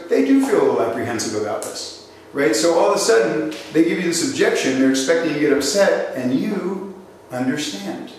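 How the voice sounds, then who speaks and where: A man's slightly high voice moves along fairly quickly with few pauses as he leads a live sales seminar. He's a trainer who tells animated stories, performs different voices and quizzes his listeners. The recording has faint hiss or hum and comes from a distant mic in a reverberant hall.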